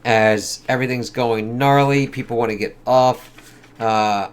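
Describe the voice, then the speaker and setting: A man's voice: medium pitch, steady tone, measured pace, smooth. A man giving a casual, rambling spoken review of a comic book, swearing a lot. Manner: rambling, heavy swearing, lots of fillers.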